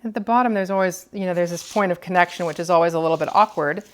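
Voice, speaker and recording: A woman with a fairly low voice walks through a cookie decorating demonstration. She explains each step calmly as she works, thinking aloud about her choices. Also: quick pace. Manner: calm, explanatory, thinking aloud while working.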